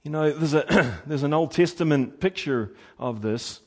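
A man preaching a sermon, animated and emphatic, moving between quiet asides and loud, lively passages. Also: a little high, a little slow. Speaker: pastor.

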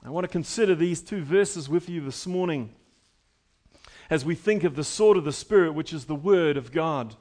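A man's voice: on the high side, normal speed, a little mellow. A middle-aged man preaching a sermon as pastor, emphatic and building with repeated phrases.

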